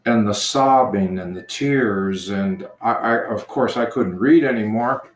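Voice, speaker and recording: A man who is a priest, telling a personal story slowly and gently in casual conversation. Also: on the low side. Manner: slow, gentle storytelling with restarts. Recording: echoey room.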